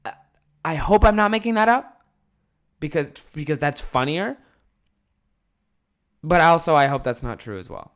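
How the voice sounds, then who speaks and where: A young man hosting his podcast solo, telling a childhood story with lively swearing and acted-out quotes. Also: fairly high pitch, normal speed, long pauses. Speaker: podcast host and comedian.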